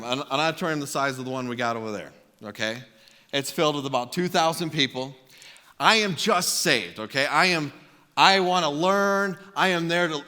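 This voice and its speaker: A man delivers a storytelling sermon from the stage of a large church auditorium, acting out quotes with comic energy. His voice is very bright and cutting, and a long hall reverb rings after each line. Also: a little high. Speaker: preacher.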